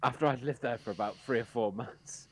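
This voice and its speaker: A man's voice: medium pitch, brisk, breathy edge. An English man co-hosting a casual live podcast, frank and opinionated, talking through long anecdotes. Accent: English, with some American habits. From England. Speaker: podcast co-host.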